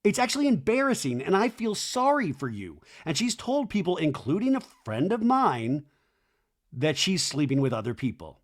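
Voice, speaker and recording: A man's voice: a little high, very animated, normal speed. A man voicing an angry, bitter reality-TV mother, clipped and scornful.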